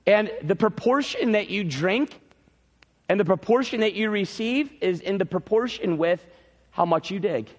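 A long reverb tail trails the high voice of a male pastor delivering a church sermon. He preaches emphatically, repeating important phrases as he moves between loud peaks and quiet drops.

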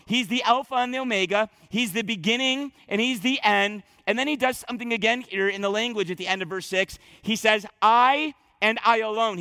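A man's voice: sits high, pushed and bright, no room sound. A man preaching a sermon as pastor, emphatic and repeating words as he presses each point.

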